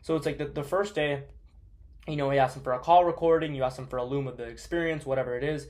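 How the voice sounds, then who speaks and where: A man's voice: medium pitch, steady tone, quick pace, a little mellow. A young man coaching on sales in a blunt, profane, casual monologue, full of fillers.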